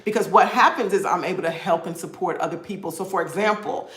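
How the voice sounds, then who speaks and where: A woman's voice: fairly low pitch, fast talker, echoey room. A woman hosts a live video-call session as a credit repair coach, giving an encouraging motivational talk to her viewers. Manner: warm, encouraging, addresses viewers as "y'all".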